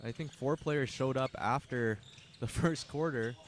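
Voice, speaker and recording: A young man from Canada calls a basketball game for a livestream, mid-pitched and chatty, tossing jokes to viewers between plays. Faint gym ambience and the thud of bouncing balls sit behind his voice. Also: a little slow, a little hiss or hum. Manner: chatty, joking asides to viewers. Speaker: play-by-play commentator.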